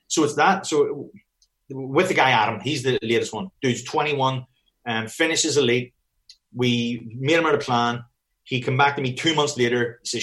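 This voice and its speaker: A man's voice: medium pitch, moderate pace, fairly bright tone. A man with a mid-range voice talks as a business coach for personal trainers, blunt and given to swearing. He acts out snatches of dialogue as he goes, in a casual, straight-talking chat.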